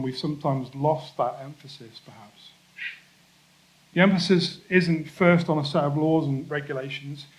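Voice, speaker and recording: A man preaches a sermon in a relaxed, conversational way, with the odd joke at his own expense. He slows down to lean on the points that matter most. His voice sits a little higher than most men's. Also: poor audio. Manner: conversational, self-deprecating preaching with asides. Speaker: pastor.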